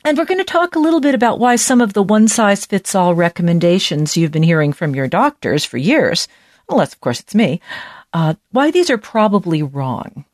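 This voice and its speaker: A woman's voice: medium pitch, animated, a little fast, a little mellow, no room sound, clean studio sound. A woman hosting a health podcast as a doctor, explaining medical research in a chatty, folksy way with casual asides. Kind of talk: scripted health podcast talk.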